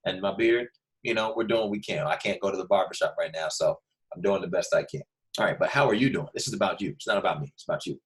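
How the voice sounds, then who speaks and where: A man's voice: low-pitched, quick pace. A man teaching a second grade class online, upbeat and joking, talking straight to the children and calling on them by name.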